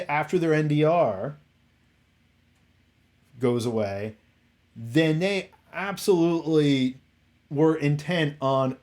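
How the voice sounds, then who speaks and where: A man talking through his views in a loose, rambling way, circling back and restarting as he goes. He sounds exasperated, his voice sitting at an ordinary middle pitch. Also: darkish tone. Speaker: host. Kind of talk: casual commentary.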